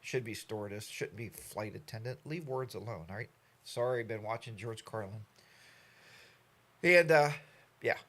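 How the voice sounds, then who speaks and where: A man's voice: fairly low pitch, normal speed, long pauses. A man in his sixties hosting a casual live stream, rambling and joking as he greets viewers by name. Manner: rambling, jokey, animated storytelling.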